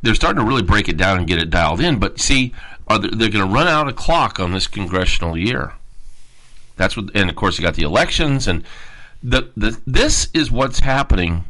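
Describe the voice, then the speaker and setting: A man's voice: fairly low pitch, big pitch swings, brisk, low-quality recording. A man hosting a political commentary show, emphatic and heated, pushing his voice hard when worked up. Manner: emphatic, rising to near-shouts when worked up. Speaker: talk show host.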